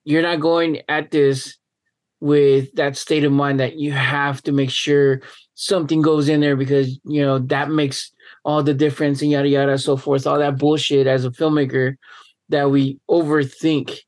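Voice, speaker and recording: A middle-aged man hosts a podcast in a laid-back, casual way, laughing easily and swearing without thinking about it. His voice sits a little high for a man. The recording is dry and close. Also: flat delivery, normal speed, darkish tone, dry recording. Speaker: podcast host. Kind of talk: casual chat.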